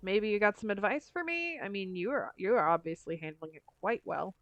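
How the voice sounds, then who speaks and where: A woman's voice: medium pitch, lively intonation, fairly quick, a bit bright, lo-fi sound, a little hiss or hum. A woman streamer reading game dialogue aloud in a dry, wry way.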